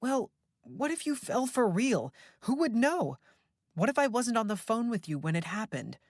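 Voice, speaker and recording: A narrator voicing an anxious adult daughter who sounds thin and tinny over a phone. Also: female voice, on the high side, very animated, moderate pace, dry recording, clean studio sound, pitched above the performer's own voice. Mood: nagging. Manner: anxious, insistent.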